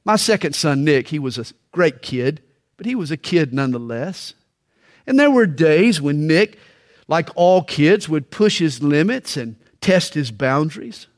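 High-voiced preacher delivering a sermon. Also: male voice, big pitch swings. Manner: storytelling preacher, dramatic pauses and slowed emphasis. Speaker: pastor.

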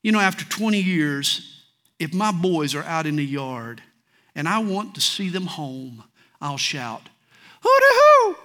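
A man preaching a sermon in a folksy way, swinging between loud declarations and soft asides. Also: on the high side, expressive, measured pace. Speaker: pastor.

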